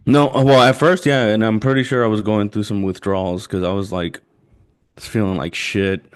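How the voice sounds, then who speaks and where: A man's voice: on the low side, fairly even intonation, moderate pace, clean tone. A man hosting a casual comedy podcast over a video call, loose and giggly, rambling with fillers. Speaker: podcast host.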